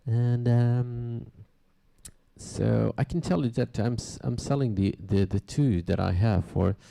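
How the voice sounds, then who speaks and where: A man hosting a music radio and podcast show, chatting casually between tracks in a halting way, with plenty of fillers and restarts. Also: medium pitch, gravelly, warm tone. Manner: halting, loose talk with many fillers and restarts.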